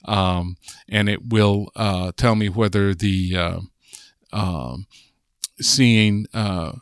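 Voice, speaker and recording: A man's voice: on the low side, very slow, clear, resonant tone, dry recording, clean studio sound. An American man, a guest linguist on a podcast, explaining ideas patiently and thinking aloud as he goes. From United States. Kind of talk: podcast interview.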